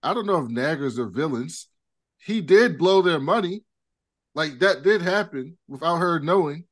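A man co-hosts a casual podcast and calmly pushes back on his partner, hedging with "um" and "I mean." His voice sits a little high and moves up and down with lively expression. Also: moderate pace, no room sound, clean studio sound. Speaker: podcast co-host. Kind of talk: casual chat.

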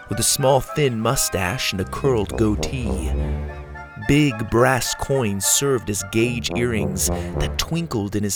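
A man reading a children's adventure story aloud. He speaks slowly and with lively, expressive pitch. His voice has a gravelly edge, and soft music plays behind him. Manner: slow, expressive. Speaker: narrator. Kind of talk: storybook narration.

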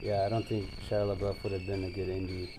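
A man in his thirties co-hosting a podcast, excitable and slangy in casual chat. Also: sits low, fast talker, over music. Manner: excitable, slangy, calls everyone dude. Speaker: podcast co-host.

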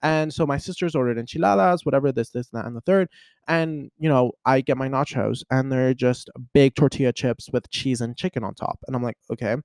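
A young man vlogging in a casual chat to camera, telling stories in a chatty, animated way with lots of fillers. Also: mid-range voice, fairly quick, dry recording, clean studio sound. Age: young adult.

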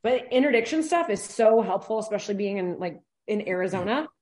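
A woman police officer chatting on a podcast. She talks bluntly and swears freely in loose, animated banter. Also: medium pitch, fairly quick. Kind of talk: casual banter.

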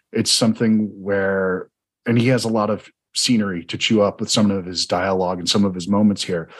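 Southern male podcast host, lowish husky voice, enthusiastic, rambling. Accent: Southern American. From Georgia, US. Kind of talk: conversational film interview.

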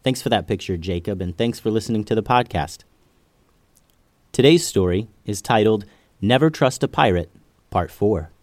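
A man hosting a children's podcast, narrating a story in a gentle, expressive way. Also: on the low side, normal speed, no echo.

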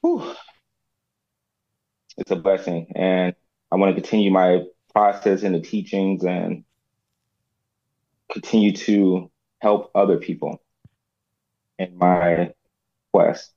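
A man's voice: low voice, little pitch movement, takes it slowly, pauses often, warm tone, muffled recording. A man in his forties speaking earnestly and gratefully as a guest. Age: 40s. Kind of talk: casual reflective talk.

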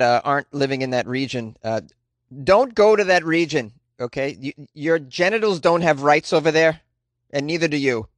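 A man's voice: medium pitch, no room sound, studio quality. A man giving casual, sarcastic commentary on news stories, reading out quotes and riffing on them. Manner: sarcastic, riffing asides between read-out quotes.

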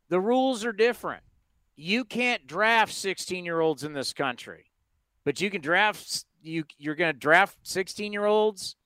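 Man, sports talk host, fairly high voice, smooth tone, dry close sound, animated rhetorical questions. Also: no echo. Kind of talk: casual baseball talk.

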